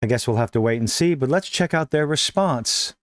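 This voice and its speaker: A man giving sarcastic, emphatic gaming news commentary with dramatic pauses. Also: medium pitch, expressive, dry recording, studio quality. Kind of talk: opinionated online commentary.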